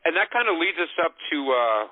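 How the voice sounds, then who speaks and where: A man's voice: on the high side, big pitch swings, quick pace, no room sound. A male radio host prompting a guest with short, casual reactions. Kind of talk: casual interview. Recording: tinny phone-like dry sound.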